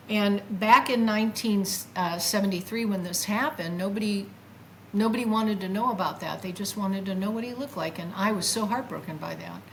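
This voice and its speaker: A woman in her seventies telling a personal testimony, animated and acting out her own past exclamations. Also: mid-range voice, slight background noise. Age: 70s. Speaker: near-death experience witness.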